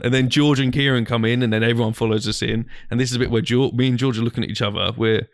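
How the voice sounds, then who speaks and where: A man's voice: medium pitch, quick pace, few pauses, dry recording, studio quality. A man co-hosting a podcast, telling a rambling anecdote in casual chat, swearing and acting out his friends' lines. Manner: animated, swears freely, acts out friends' lines. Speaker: podcast co-host.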